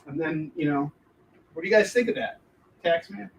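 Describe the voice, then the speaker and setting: A man's voice: on the high side, moderate pace. A man, a comic book artist, rambling and joking through a casual livestream Q&A. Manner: joking, rambling, laughs often. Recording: distant mic, faint background noise.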